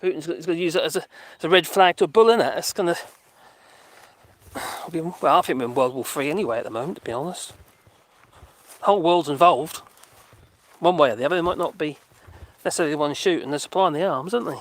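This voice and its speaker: A man's voice: a little high, lively intonation, brisk, pauses often. Chatty man on a dog walk. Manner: chatty, rambling, chuckling, talks to his dogs. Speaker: vlogger reading live chat. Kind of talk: casual live-stream chat while walking dogs.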